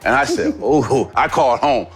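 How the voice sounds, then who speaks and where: A former basketball player telling an animated story from his playing days in an interview, laughing along as he goes. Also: mid-range voice, moderate pace. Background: music.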